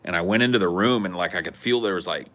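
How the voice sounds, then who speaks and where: A man in his thirties telling a wild story as a podcast co-host in casual chat, cursing freely and acting out the quotes loudly. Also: deep voice, fast. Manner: animated, swearing, acts out quotes loudly.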